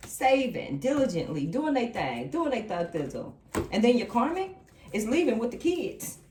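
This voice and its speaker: A woman's voice: on the high side, big pitch swings, normal speed, a little mellow, distant mic, a little hiss or hum. Blunt, slangy woman reading tarot. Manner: blunt, slangy, repeats phrases for emphasis. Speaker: tarot reader. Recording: echoey room.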